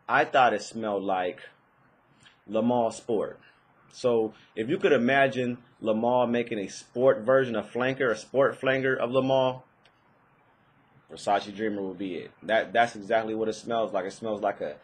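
A man's voice: lowish voice, slightly rough, poor audio. A young man giving a casual, rambling fragrance review, with many fillers and restarts.

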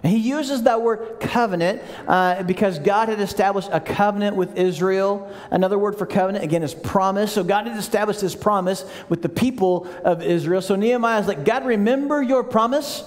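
Male pastor, pitched high, chatty storytelling sermon in a reverberant sanctuary. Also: fairly quick, hardly any pauses. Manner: conversational storytelling, acting out scripture quotes. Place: large church sanctuary. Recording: long church hall reverb.

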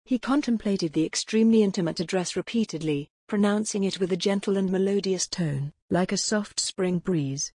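A woman narrating an audiobook in a calm, measured reading. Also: medium pitch, no room sound, clean studio sound. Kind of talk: scripted narration.

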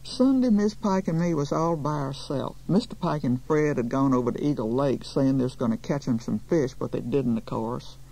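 A woman's voice: a bass voice, creaky, dark tone, exaggerated voice, low-quality recording. A woman doing a chatty Southern beautician. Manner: chatty, folksy, drawling.

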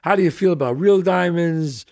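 A man's voice: a little high, moderate pace, gravelly. An older man hosting a podcast, telling a story in casual chat and acting out the quoted lines. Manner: animated, acts out quoted dialogue. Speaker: podcast host.

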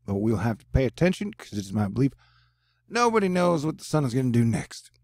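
A man's voice: medium pitch, very animated, brisk, a little mellow, no echo, clean studio sound. A man hosting his own news channel, rambling through reports with self-deprecating jokes. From United States. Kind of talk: casual news commentary.

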